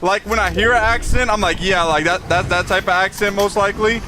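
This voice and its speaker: Young male streamer, casual and talkative, reads chat and laughs a lot; light, high voice. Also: fairly even intonation, fairly quick, background noise. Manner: chatty, reads chat aloud, laughs often. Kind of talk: live gameplay commentary.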